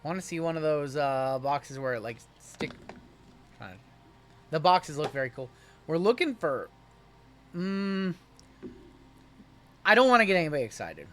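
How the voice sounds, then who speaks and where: A man's voice: fairly high pitch, sing-song, normal speed, pauses often, a bit bright, slight background noise. A man hosting a live card-break stream, calling out each pull in an upbeat, chatty, teasing way.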